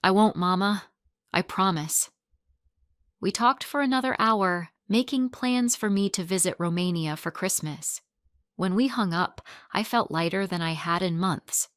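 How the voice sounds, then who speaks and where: A woman calmly narrating a first-person drama story in a measured way. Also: mid-range voice, no echo, clean studio sound.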